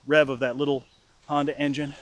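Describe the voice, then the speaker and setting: A middle-aged man telling a comic personal anecdote in an animated, mock-furious way. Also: mid-range voice, a little fast, no echo. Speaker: storyteller. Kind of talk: casual anecdote storytelling.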